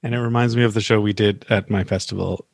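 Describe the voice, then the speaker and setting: A man's voice: fairly low pitch, fairly even intonation, fast, gravelly, no room sound, studio quality. A man hosting a casual chat as an improviser, talking in an eager, rambling way and laughing often. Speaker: podcast host, improviser.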